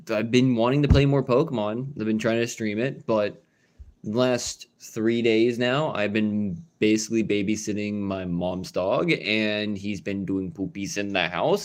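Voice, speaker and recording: A man streaming a casual chat from home, rambling with fillers and restarts and swearing now and then. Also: on the low side. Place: at home indoors.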